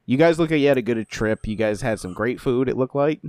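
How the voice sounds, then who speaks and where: A man's voice: mid-range voice, quick pace, a little mellow, clean tone, no echo, studio quality. A man hosting a casual chat, joking and swearing as he talks. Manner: joking, swearing, laughs along.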